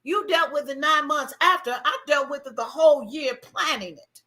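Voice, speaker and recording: A woman's voice: high voice, normal speed, sharp tone. A woman hosting a faith talk show, speaking candidly and emphatically, often acting out what she once said. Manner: emphatic, acts out her own past words. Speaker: ministry conference host.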